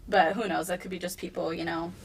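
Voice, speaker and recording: A woman in her thirties, a wrestler, telling her story in a casual interview and acting out quotes with lively jumps in her voice. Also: fast talker. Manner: animated, acts out quotes with big pitch jumps. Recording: slightly distant mic, faint room noise.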